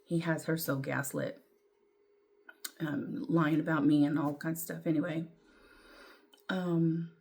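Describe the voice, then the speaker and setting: A middle-aged woman, telling a personal story to camera in a candid, rambling way, with fillers and throat clearing. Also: low-pitched, steady tone, takes it slowly, pauses often, a little mellow. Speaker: vlogger.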